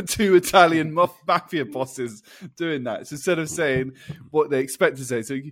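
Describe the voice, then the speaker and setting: A man's voice: on the high side, moderate pace, fairly bright tone, no room sound, clean studio sound. A man co-hosting a podcast, chatting playfully and laughing often. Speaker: podcast co-host. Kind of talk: casual chat.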